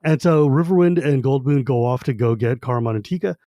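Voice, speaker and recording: A man co-hosting a podcast, recapping a book in casual chat and acting out the characters in quick quoted bits. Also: mid-range voice, mellow, dry recording. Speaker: podcast co-host.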